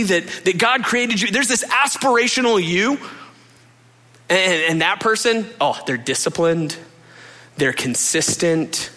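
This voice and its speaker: A man preaches a conversational sermon as a pastor, his voice sitting high with a sharp tone. Earnest and confessional, he speaks straight to his listeners.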